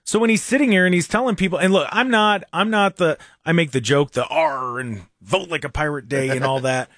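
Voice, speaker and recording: A man's voice: a little high, fairly quick, fairly bright tone, no room sound, studio quality. A man hosting a radio talk show, talking casually and sarcastically with mocking asides. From Ohio.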